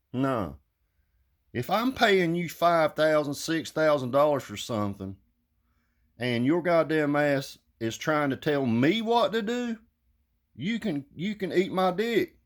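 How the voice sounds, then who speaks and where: A man in the middle of a casual rant to his viewers, blunt and emphatic. He swears freely, and his voice sits at an ordinary middle pitch. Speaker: vlogger.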